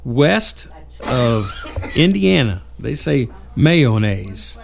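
A man's voice: fairly high pitch, lively intonation, normal speed, gravelly, background noise. A man hosting a podcast, casually steering the talk with jokes. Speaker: podcast host. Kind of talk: casual chat.

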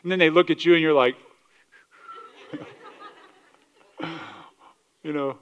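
Pastor guy preaching, kinda high voice, gets loud then goes quiet, keeps asking the crowd stuff. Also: steady tone, rapid-fire, smooth. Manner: passionate, rises loud then drops low, acts out quoted voices; asks the congregation questions, southern 'y'all'. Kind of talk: sermon.

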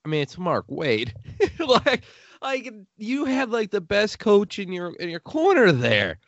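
Man, podcast host, lively swings in pitch, fairly high voice, dry close sound. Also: unhurried, dry recording, highs cut off. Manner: animated, laughs often. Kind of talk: casual podcast chat.

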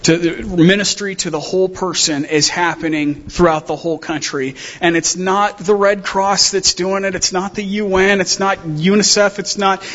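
Slightly high-voiced man preaching casually. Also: fairly even intonation, normal speed, few pauses, a bit bright, dull audio. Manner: casual, humorous storytelling with slang. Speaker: missionary guest speaker. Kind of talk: sermon.

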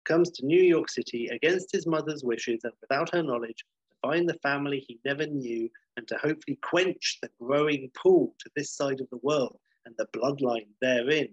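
A man, casually pitching and reading out a film script, rambling and correcting himself as he goes. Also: moderate pace, slightly rough, dry recording, muffled recording. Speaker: podcast host pitching a film idea.

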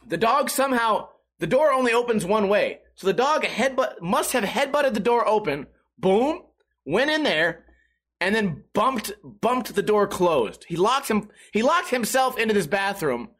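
A man's voice: high-pitched, big pitch swings, normal speed, fairly bright tone. A young man hosting a live-streamed solo podcast, telling rambling, profane, self-mocking stories in a casual way.

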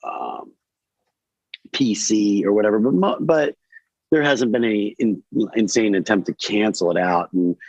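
A man from Delaware talks as a podcast guest, his voice sitting on the low side as he rambles along, stacking one "you know" and "like" on top of the next. The recording is dull and a little muffled, and there is almost no room sound around him. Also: measured pace, no room sound. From Delaware, USA. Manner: rambling and animated, full of fillers. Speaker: guest actor. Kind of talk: casual podcast chat.

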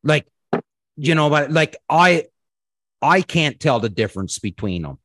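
A man's voice: a little high, sing-song, a little slow, a bit bright, no echo. Rambling man, dry close sound. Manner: rambling, swears freely, many fillers. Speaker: podcast host. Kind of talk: casual chat.

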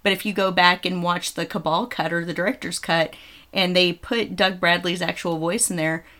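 A woman's voice: lowish voice, fairly even intonation, normal speed, pushed and bright. A woman co-hosting a podcast, chatting casually about films with frequent ums. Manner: chatty, nitpicking, many ums. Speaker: podcast co-host. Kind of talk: casual film chat.

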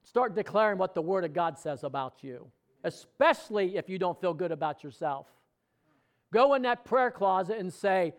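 A man's voice: sits high, animated, normal speed. A middle-aged man preaching a sermon in a conversational way, asking the congregation questions and speaking out example prayers. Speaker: pastor.

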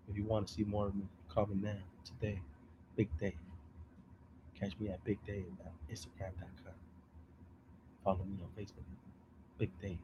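A man putting on a low, hushed mock radio DJ voice as a boastful self-promoting announcer. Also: lo-fi sound, noisy background, natural voice. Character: smooth-talking male radio DJ self-promoter.

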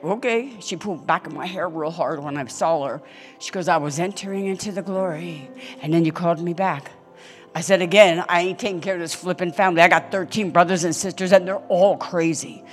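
Older woman preaching emphatically over soft music. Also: on the low side. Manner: emphatic, storytelling, sudden shouted peaks. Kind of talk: sermon. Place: church stage.

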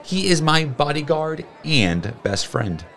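A man voicing a spunky young girl who owns a rooster, speaking in a higher, bossy voice. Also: big pitch swings, takes it slowly, fairly bright tone, full character voice. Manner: bold, bossy, higher girlish voice.

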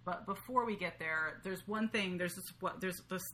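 A woman co-hosting a podcast, talking through a book in a relaxed, thoughtful way with hesitant restarts. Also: lowish voice, normal speed. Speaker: podcast co-host. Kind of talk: casual book discussion.

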